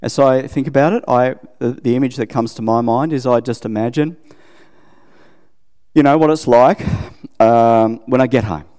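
A man's voice: mid-range voice, normal speed, dark tone, long reverb tail. Chatty Australian man preaching. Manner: chatty, self-deprecating, asks listeners questions. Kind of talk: conversational sermon.

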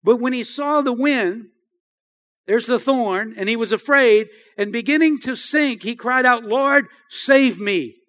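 High, bright-voiced preacher man. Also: unhurried. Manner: emphatic, repeats phrases and asks the congregation "Amen?". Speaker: pastor. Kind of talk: sermon.

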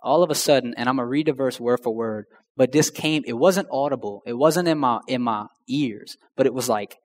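A man's voice: medium pitch, fairly quick. A young man telling his personal testimony in a slangy, conversational way that addresses the crowd directly. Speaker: speaker sharing a testimony. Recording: long hall reverb.

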